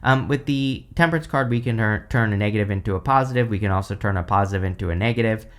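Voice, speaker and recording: A man's voice: lowish voice, fast talker, fairly bright tone. Rambling man giving a tarot reading. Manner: rambling, many fillers and restarts. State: tired, stifling yawns. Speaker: tarot reader. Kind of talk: casual tarot reading to camera.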